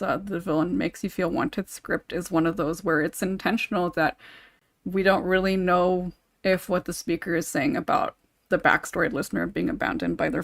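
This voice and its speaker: A woman's voice: on the low side, vocal fry, no echo, clean studio sound. A woman who writes ASMR scripts, talking in a casual podcast discussion and rambling with lots of fillers.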